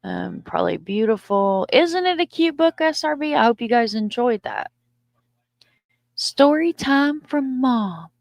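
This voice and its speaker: A woman's voice: a little high, lively intonation, normal speed, creaky, few pauses, no room sound. A middle-aged woman, hosting a casual live stream, reading comments aloud in a chatty, loose and profane way. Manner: chatty, loose and profane, stumbles over words.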